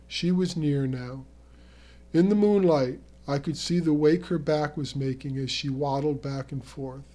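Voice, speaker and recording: Man narrating a story, mellow voice. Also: on the high side. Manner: vivid first-person storytelling, bursts of excitement in dialogue.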